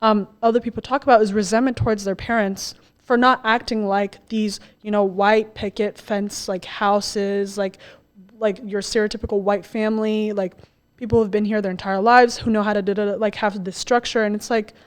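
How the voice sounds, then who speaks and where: A woman's voice: medium pitch, flat delivery, normal speed, clear, resonant tone. A young woman co-hosting a podcast, telling a personal story in casual chat with many filler words. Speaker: podcast co-host.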